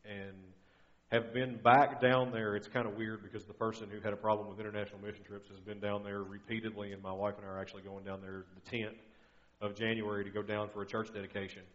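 A man's voice: fairly low pitch, flat delivery, fast, muffled recording. A middle-aged man giving a guest sermon in an earnest, conversational way, often restarting his sentences. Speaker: guest preacher.

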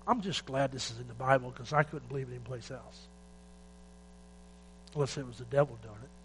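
A man preaching a sermon, moving between loud urgent exhortation and quiet, emotional retelling of a scripture story. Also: mid-range voice, fairly quick, rough recording. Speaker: pastor. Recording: faint mains hum.

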